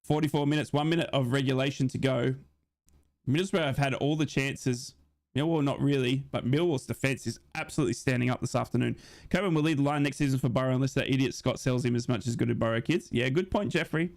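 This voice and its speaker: Excitable man commentating a live match. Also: fast talker. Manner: excitable, voice jumps high in big moments; chatty, reads out and answers viewer comments. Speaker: football fan commentator and streamer.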